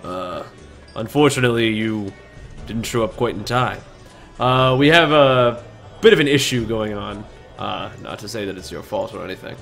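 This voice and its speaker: A game master voicing a wary head guard who speaks formally and hesitantly. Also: male voice, fairly low pitch, lively intonation, normal speed, vocal fry, fairly bright tone, faint music behind.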